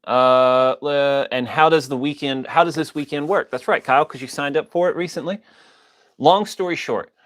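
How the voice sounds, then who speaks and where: A man's voice: on the high side, normal speed, fairly bright tone. A man hosting a casual livestream, loosely joking and greeting viewers by name, with a slight wheeze in his voice. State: coughing, a bit wheezy. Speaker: livestream host reading chat.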